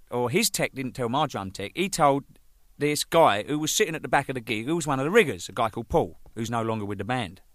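An older man, a band's drummer, telling rambling, profane stories, laughing and acting out the shouting in them. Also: mid-range voice, dry recording, clean studio sound. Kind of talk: casual anecdotal storytelling.

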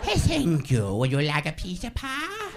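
Shrill squeaky giddy voice. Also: male voice, huge pitch swings, measured pace, creaky, over a noisy crowd, full character voice. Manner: shrill, sing-song, monkey noises. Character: squeaky silly high-voiced character, giddy. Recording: live club with audience noise.

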